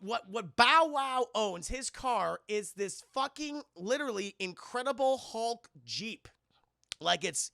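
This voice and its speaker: A man's voice: high-pitched, vocal fry, sharp tone, no room sound, studio quality. A young man casually recapping a film for his live chat, swearing a lot and acting out lines from the scenes. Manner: profane, rambling, acts out quotes. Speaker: streamer reviewing a film.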